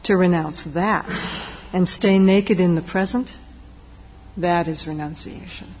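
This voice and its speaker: A woman meditation teacher giving a dharma talk in a gentle, reflective, unhurried way, with pauses. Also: lowish voice, fairly even intonation. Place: meditation hall. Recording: long hall reverb, faint noise.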